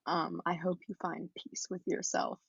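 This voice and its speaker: Woman cohost, raspy and a bit low, teasing deadpan, muffled lo-fi mic. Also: normal speed, dry recording. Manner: teasing, deadpan jokes with frequent laughs. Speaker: podcast co-host. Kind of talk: casual podcast chat. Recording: dry, slightly muffled lo-fi recording.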